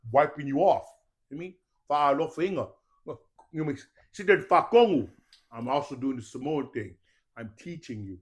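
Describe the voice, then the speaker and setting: Preachy, profane man with a slightly high voice. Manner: profane, preachy, keeps asking "you understand that?". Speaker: podcast guest. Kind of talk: casual storytelling talk.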